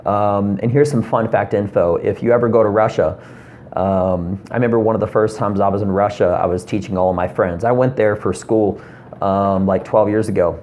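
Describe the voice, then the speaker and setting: A man's voice: on the low side, steady tone, normal speed, a little mellow, muffled recording, a little hiss or hum. A man in his thirties delivering a rambling, profane comedy rant to camera, full of ums and asides. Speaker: comedian vlogger.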